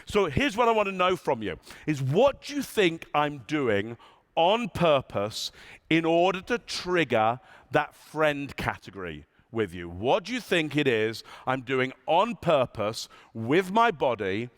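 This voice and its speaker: A man giving a conference keynote in a large hall, animated and asking the audience questions, sometimes dropping his voice low and soft to show a point. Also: a little slow. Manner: demonstrates tones, drops voice low and soft. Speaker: keynote speaker.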